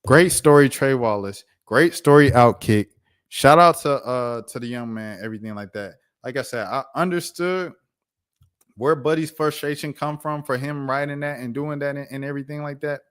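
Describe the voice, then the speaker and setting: A young man runs his own sports commentary show, reading news stories aloud and then launching into heated, disbelieving rants. He talks in casual slang and keeps tossing in "bro" as he gets worked up. His voice sits at an ordinary middle pitch for a man. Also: moderate pace, clean tone. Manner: animated, incredulous rants with slang and repeated "bro". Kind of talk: reacting to news while reading articles aloud.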